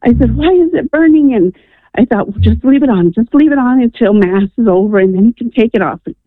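A woman from New Mexico calls in to a radio show and tells a personal story in an earnest, animated way, acting out the voices in it. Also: fairly high pitch, a little fast, no echo. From New Mexico, USA. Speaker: caller. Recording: tinny phone line.

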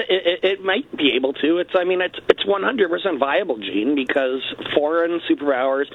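A man's voice: a little high, normal speed, narrow, tinny audio, a little hiss or hum. A Canadian man hosting a satirical talk radio show, talking emphatically and repeating his catchphrases.

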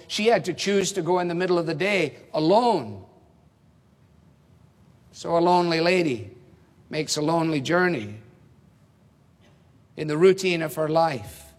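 A man preaching an expository sermon, measured and emphatic, posing rhetorical questions. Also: on the high side. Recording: reverberant hall.

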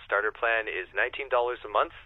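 A male-sounding AI phone agent answers in a low, smooth, upbeat sales tone, polite and scripted. The sound is dry and dull, like a lo-fi line. Each reply comes out even and polished. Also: quick pace, no room sound. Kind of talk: scripted customer service replies.

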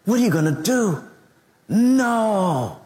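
A woman's voice: mid-range voice, sing-song, slow, darkish tone. A man puts on a chatty older woman talking on her cell phone. She gushes and sighs in dismay. A long reverb from a large hall trails every phrase.

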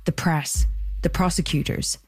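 Low-voiced woman narrating a documentary. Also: steady tone, soft background music. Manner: measured, composed delivery. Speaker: podcast host and narrator.

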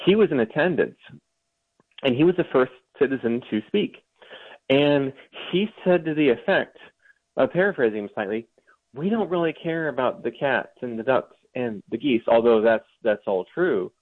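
A man's voice: medium pitch, expressive, moderate pace. Male guest over a tinny line. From Ohio. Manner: storytelling, with frequent restarts and mocking mimicry. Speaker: author and guest. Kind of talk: remote interview storytelling. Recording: tinny phone-like remote line.

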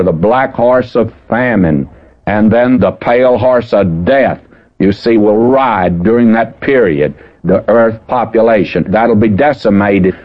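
An older man preaching a folksy, emphatic radio Bible teaching, slowing down to stress the scripture he quotes. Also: on the low side. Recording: dull old radio broadcast.

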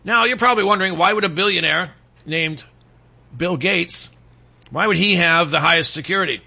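A man's voice: high voice, normal speed, creaky, bright, forceful tone, slightly rough. A man hosting his own show, ranting in a rambling comic style full of restarts and asides to the audience. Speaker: show host. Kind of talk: rambling comedic conspiracy rant.

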